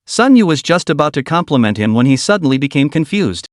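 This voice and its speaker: A man telling a comic recap story at a brisk clip. His voice is on the high side and moves lively up and down, recorded dry and close with no room sound. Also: no room sound. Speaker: narrator. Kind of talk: web comic recap narration.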